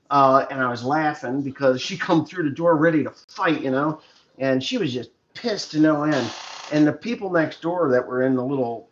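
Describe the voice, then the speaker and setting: With a fairly bright voice on the high side, a middle-aged farmer from the United States chats through rambling, joking stories on his livestream. The audio is dull and lo-fi, with faint noise.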